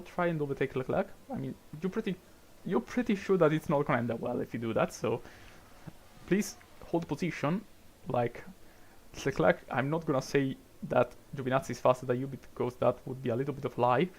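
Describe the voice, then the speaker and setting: A young Italian, accented, chats and rambles while commentating his racing game stream, with frequent restarts and small laughs. His medium-pitched voice has a darkish tone and moves a little fast.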